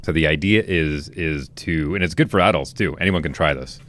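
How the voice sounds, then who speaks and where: Deep-voiced man explaining casually. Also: brisk. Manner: relaxed, explains with restarts and asides. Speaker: podcast co-host. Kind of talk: casual chat.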